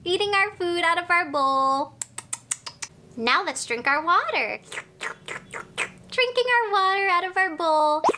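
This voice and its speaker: A woman's voice: very high-pitched, animated, a little slow, long pauses, background noise. A woman hosting a toddler learning show. She talks in a playful, exaggerated way, makes animal sounds, and speaks straight to the little viewer with lots of encouragement. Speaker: children's educator host. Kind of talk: slow sing-song toddler teaching.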